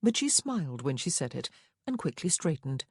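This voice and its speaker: A woman narrating a historical romance novel in measured storytelling with lively inflection. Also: low-pitched, husky, no room sound, clean studio sound. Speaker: audiobook narrator. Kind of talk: scripted narration.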